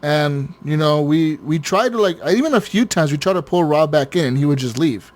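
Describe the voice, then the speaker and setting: A man's voice: on the high side, lively intonation, moderate pace. A man hosting a gaming podcast in casual chat, swearing freely, laughing often and stumbling over repeated words. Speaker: podcast host.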